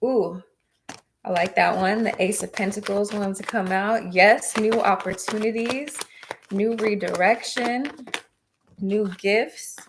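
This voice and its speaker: A woman's voice: mid-range voice, slow, background noise. A woman giving live-stream tarot readings, chatting with viewers in an encouraging way. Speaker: tarot reader.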